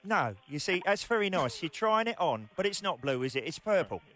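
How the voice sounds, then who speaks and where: A man's voice: high-pitched, sing-song, a little fast, fairly bright tone. A man putting on a shonky Cockney accent to play a bullying corporate enforcer in a prank phone call, full of slang and mock threats. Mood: menacing. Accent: put-on Cockney.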